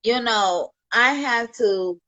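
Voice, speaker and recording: A woman's voice: fairly high pitch, takes it slowly, sharp tone, no echo, highs cut off. A woman from Chicago on a livestream, talking with heartfelt, rambling thanks to her viewers and peppering her talk with "you know". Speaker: livestream host.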